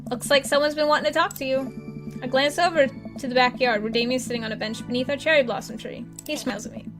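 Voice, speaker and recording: A woman voicing a sassy, teasing young daughter in a let's play, a bit louder and wry, with game music behind. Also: high-pitched, fairly even intonation, fast, natural voice. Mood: playful.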